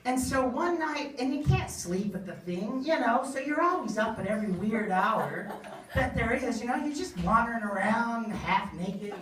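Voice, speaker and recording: Animated woman telling a story live. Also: on the high side, normal speed, a crowd in the background. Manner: animated, self-deprecating, acts out other voices. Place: live storytelling event before an audience. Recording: echoey room, far mic, audience.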